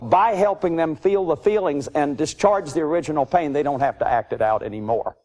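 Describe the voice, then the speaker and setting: A man's voice: fairly high pitch, fairly quick, darkish tone. A man giving an emphatic, repetitive lecture to an audience about emotional abuse and grief. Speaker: lecturer on addiction and recovery.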